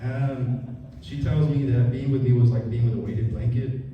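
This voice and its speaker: A man's voice: mid-range voice, steady tone, moderate pace, lo-fi sound. Young guy doing stand-up, swears a lot, roomy echo, kinda noisy and far off. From Mexican heritage. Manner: profane, conversational storytelling. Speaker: stand-up comedian. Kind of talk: stand-up comedy set. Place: comedy club stage with a laughing crowd. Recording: echoey, distant, noisy club recording.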